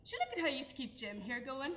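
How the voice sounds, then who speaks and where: A quick, high Northern Irish voice, a woman acting a cheeky friend who rattles off teasing banter in a stage play. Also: very animated, sharp tone, exaggerated voice. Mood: chatty. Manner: brash, teasing.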